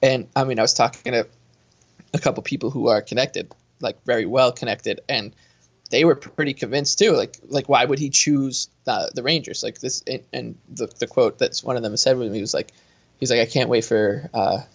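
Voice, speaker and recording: A man co-hosting a casual sports chat, telling his story in a rambling, self-interrupting way. His voice sits at a middle pitch, and the recording sounds muffled and lo-fi. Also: normal speed, breathy edge. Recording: dull lo-fi sound.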